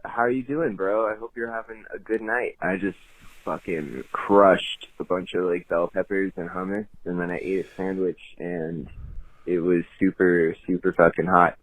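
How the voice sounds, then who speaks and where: Young male caller, low-pitched, laid-back and rambling, dry recording. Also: fairly even intonation, moderate pace, no echo, poor audio. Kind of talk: casual voicemail.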